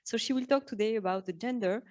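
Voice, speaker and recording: A woman with a French accent moderates a workshop and introduces the next speaker. She speaks in a friendly, slightly halting way and stumbles over a word now and then. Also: fairly high pitch, darkish tone. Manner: friendly, apologetic, a little halting.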